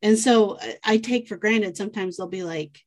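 A woman's voice: medium pitch, moderate pace, a little mellow. American woman chatting casually. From United States. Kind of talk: casual conversation.

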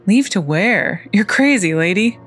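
A woman's voice: mid-range voice, expressive, measured pace, fairly bright tone, soft background music, pitched above the performer's own voice. A woman voicing a cocky young hippie man who talks in casual slang and turns defensive.

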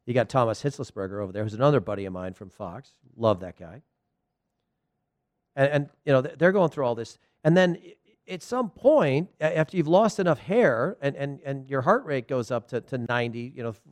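Animated soccer host man, dry studio sound. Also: mid-range voice, dry recording. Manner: animated, rambling, frequent restarts. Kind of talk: casual opinion monologue.

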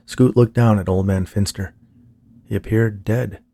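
A man reading a horror story aloud as scripted narration, in a measured, deliberate manner. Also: on the low side, fairly even intonation, creaky, warm tone.

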